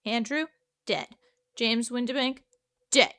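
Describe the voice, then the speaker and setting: A game streamer with a slightly high, steady, sharp-toned voice talks slowly as she plays a detective game. She keeps up chatty, joking commentary and laughs often, in the style of casual gameplay talk.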